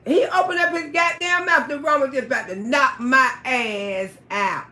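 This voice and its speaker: A woman casually telling a story on a livestream, cursing freely, laughing often and bursting out loudly. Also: sits high, moderate pace. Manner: profane, laughs often, loud outbursts. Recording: roomy echo.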